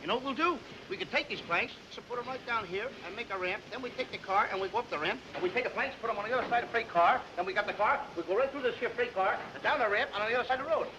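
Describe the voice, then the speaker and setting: A man playing an excitable, childlike bumbler in a 1950s TV comedy, whiny and flustered, with a noisy old soundtrack. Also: high voice, rapid-fire, few pauses, natural voice. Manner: whiny, flustered, breaks into bird calls. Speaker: comedian in a sitcom.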